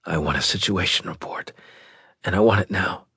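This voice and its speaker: A man voicing a hoarse, wheezing old admiral. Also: low voice, moderate pace, bright, forceful tone, no room sound, studio quality, heavily acted. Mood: weak. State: hoarse, breathless whisper. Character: wounded old male admiral, weak and stubborn.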